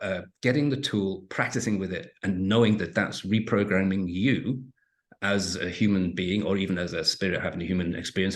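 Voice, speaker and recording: A middle-aged man from England, a guest on a podcast interview, telling animated stories with many restarts. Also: low-pitched. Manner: animated storytelling with frequent restarts. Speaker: interview guest, entrepreneur and author.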